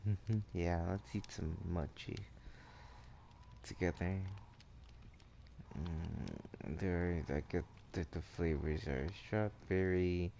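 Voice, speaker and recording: A sleepy young man streaming a game, chatting to his viewers in a drowsy, drawling monotone with lots of "like" and "dude". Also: deep voice, gravelly, slight background noise. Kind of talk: casual live-stream chat while gaming.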